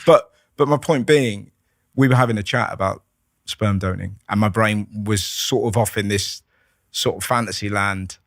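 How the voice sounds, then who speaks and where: A man, a comedian guest chatting on a podcast, telling animated stories, acting out voices and swearing freely. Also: on the low side, normal speed, no room sound, clean studio sound. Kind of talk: casual podcast conversation.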